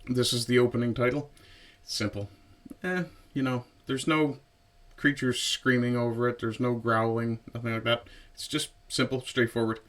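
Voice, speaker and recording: A man giving a casual spoken film review in a relaxed, conversational way, with lots of fillers and little asides. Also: mid-range voice, normal speed. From Newfoundland, Canada. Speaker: movie reviewer.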